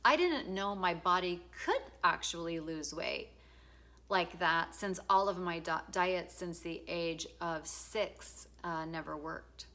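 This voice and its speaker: A woman's voice: on the low side, pushed and bright. A middle-aged woman reading her own book introduction aloud, frank and emotional, breaking off for casual asides, laughter and swearing. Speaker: author.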